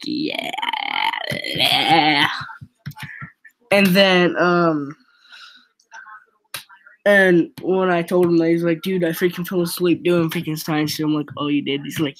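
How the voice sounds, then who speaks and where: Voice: mid-range voice, slight background noise, poor audio. Young teen rambling thru a school story, casual vlog talk, freaking this freaking that. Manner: rambling, fills nearly every sentence with "freaking". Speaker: vlogger.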